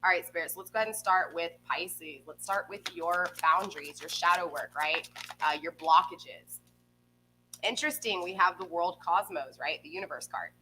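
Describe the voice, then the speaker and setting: Tarot reader, woman, chatty with viewers, low-set voice with a bright edge. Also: normal speed, slight background noise, poor audio. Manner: chatty, keeps checking in with "okay?" and "right?". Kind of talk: live tarot reading to viewers. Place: home room with a pet nearby. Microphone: desk microphone.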